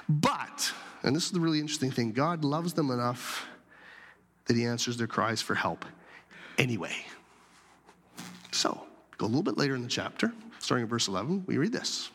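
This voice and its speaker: A man's voice: medium pitch, expressive, moderate pace, pauses often, a bit bright, slightly rough. A man preaching a sermon in a conversational, storytelling way, acting out the voices of the people in his story. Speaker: pastor. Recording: long hall reverb.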